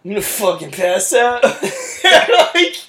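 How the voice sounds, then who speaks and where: A man's voice: on the high side, moderate pace, fairly bright tone, echoey room. A young man co-hosting a podcast, telling rambling stories with lots of swearing and laughter. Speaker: podcast co-host. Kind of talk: casual chat.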